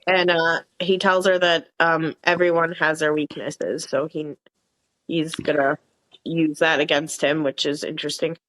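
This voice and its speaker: A woman's voice: low voice, level tone, unhurried, a bit bright, rough recording. A woman co-hosting a podcast, thinking aloud in an easygoing way as she talks through a TV episode. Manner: easygoing, reasoning things out aloud with fillers. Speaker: podcast co-host. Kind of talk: casual chat recapping a TV episode.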